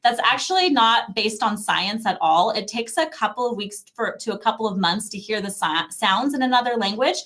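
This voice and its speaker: A woman guest talking casually about teaching children a language, animated, often acting out the voices of parents and babies. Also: medium pitch, normal speed, hardly any pauses. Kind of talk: casual conversational advice.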